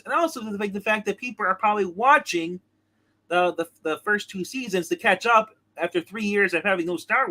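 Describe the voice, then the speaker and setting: A man's voice: sits high, bright, forceful tone, rough recording. A man co-hosting a casual TV review show, rambling with many restarts and rants. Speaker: co-host of a show reviewing comics and TV.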